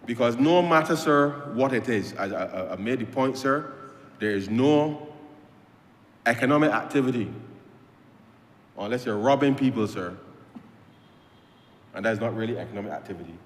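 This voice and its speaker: A man's voice: medium pitch, animated, moderate pace, pauses often. A man with a Barbadian accent speaks in parliament, driving his points home by repeating lines and tagging nearly every phrase with "sir." His mid-range voice rings through a roomy chamber with a long, trailing reverb. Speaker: member of parliament. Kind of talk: parliamentary speech. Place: legislative chamber.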